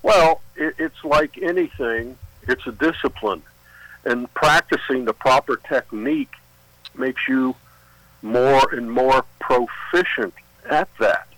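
A man calling in to a radio show, speaking in a measured, opinionated way. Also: medium pitch, fairly bright tone, no room sound, rough recording. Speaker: caller. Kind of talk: call-in radio chat.

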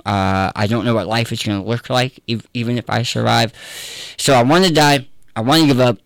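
A pastor telling a personal story in an interview, candid and earnest. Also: male voice, mid-range voice, steady tone, fairly quick, vocal fry, fairly bright tone, dry recording. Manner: candid, earnest, conversational with fillers.

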